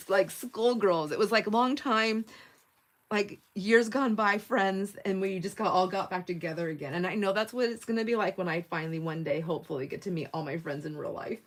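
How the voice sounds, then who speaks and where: A woman's voice: on the low side, a little fast. A middle-aged woman hosting a casual livestream, chatting and laughing often as she tells a story and reads viewer comments while working at a craft table. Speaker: livestream host.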